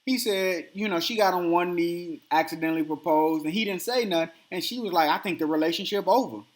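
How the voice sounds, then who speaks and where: Animated male podcast host telling stories. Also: sits high, brisk. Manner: animated storytelling, acts out quotes. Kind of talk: casual chat.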